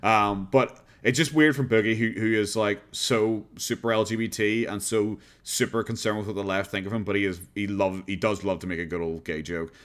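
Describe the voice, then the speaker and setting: A man's voice: fairly low pitch, steady tone, fairly quick, hardly any pauses, a bit bright. Irish male streamer, easygoing and rambling, casual reaction-stream chat.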